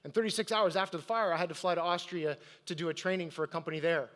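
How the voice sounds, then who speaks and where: A man's voice: fairly high pitch, steady tone, quick pace, fairly bright tone. A middle-aged man giving a live motivational talk to an audience, telling personal stories and asking the crowd questions. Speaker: motivational speaker. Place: event stage.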